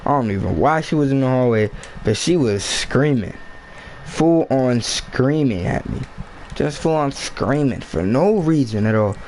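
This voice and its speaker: Casual vlogger man, rambling and slangy storytelling, mid-pitched. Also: lively intonation, unhurried, darkish tone, slight background noise, low-quality recording.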